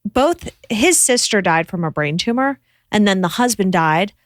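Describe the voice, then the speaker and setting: A woman's voice: medium pitch, animated, normal speed, dry recording, studio quality. A woman co-hosting a podcast, animatedly retelling a story in casual chat with lots of "like" asides. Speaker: podcast co-host.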